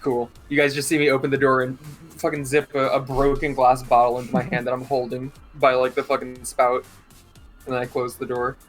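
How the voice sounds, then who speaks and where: A man's voice: medium pitch, completely flat delivery, a little fast, soft background music. A man playing in a tabletop game, talking casually and swearing freely. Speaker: player.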